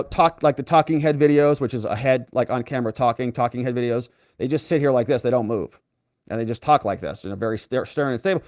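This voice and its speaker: A man hosting a live legal commentary stream, animated and moving around as he talks, wrapping up with big rallying calls to his viewers. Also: mid-range voice, dry recording, clean studio sound. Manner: animated, moves around a lot while talking; big rising sign-off calls to the audience. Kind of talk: casual live-stream sign-off with viewer chat. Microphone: earpiece with separate mic, dry sound.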